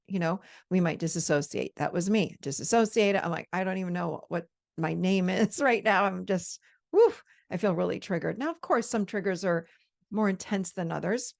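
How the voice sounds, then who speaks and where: A woman in her fifties giving a conversational coaching talk on handling triggers, slowing down to model calm self-talk. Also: fairly low pitch, creaky. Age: 50s. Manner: conversational, with quoted inner dialogue. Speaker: host.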